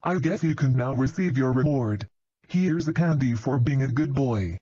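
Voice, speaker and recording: A man's voice: mid-range voice, lively intonation, normal speed, warm tone, breathy edge, no room sound, muffled recording. A man voicing a smug, creepy mad-scientist twin brother in a parody cartoon, speaking theatrically.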